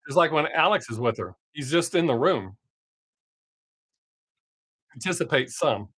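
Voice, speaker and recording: A man's voice: fairly high pitch, lively intonation, measured pace, fairly bright tone, breathy edge, no room sound, clean studio sound. A man hosting his own live stream, chatting casually with viewers, reading their comments and swearing freely. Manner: profane, laid-back, talks to chat viewers by name.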